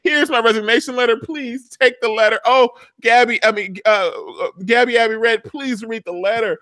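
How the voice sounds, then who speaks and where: Man doing a high, whining, self-pitying heroine from a TV drama, played for laughs. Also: moderate pace, pushed and bright, dry recording. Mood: mock wailing. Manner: exaggerated mock-theatrical whining. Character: melodramatic woman fixer, self-pitying.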